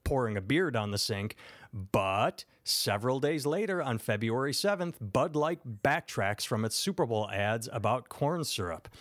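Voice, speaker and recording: A man's voice: medium pitch, expressive, normal speed, no room sound. Conversational man, close dry mic. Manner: conversational, storytelling, thinks aloud. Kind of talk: casual chat.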